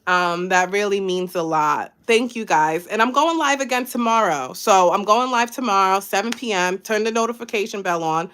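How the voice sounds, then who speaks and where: A woman's voice: medium pitch, normal speed, few pauses, fairly bright tone, clear, resonant tone. A woman life coach hosting a live stream, chatting casually and encouraging her viewers, thanking them by name. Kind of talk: casual motivational live chat.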